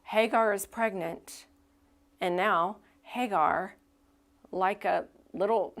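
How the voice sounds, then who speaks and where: A woman delivers a sermon to her congregation at a slow, deliberate pace. She talks in a casual, conversational way and acts out the quotes of the people in the story. Her voice sits at an ordinary pitch for a woman. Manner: conversational, animated retelling with acted-out quotes. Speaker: pastor. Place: church sanctuary.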